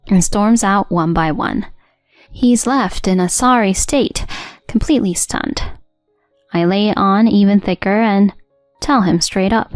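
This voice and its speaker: Woman telling a first-person story, cool and matter-of-fact, dry voice-over, soft music under. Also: medium pitch, a little slow, no echo. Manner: cold, steady, matter-of-fact. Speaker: story narrator.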